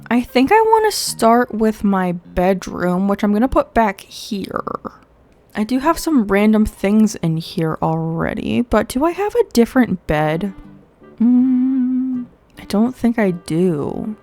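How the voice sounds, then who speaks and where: A young woman with a congested, sniffly voice, rambling through casual gameplay commentary and thinking out loud as she goes. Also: on the high side. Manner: chatty, rambling, thinks aloud with fillers. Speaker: gaming video host. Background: faint game music.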